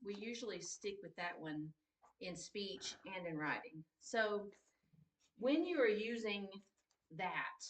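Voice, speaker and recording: A woman's voice: medium pitch, lively intonation, slow pace, slight background noise. A woman teaching a writing class, patiently repeating key points and checking that her students understand. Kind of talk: classroom grammar lesson. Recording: roomy echo, distant mic.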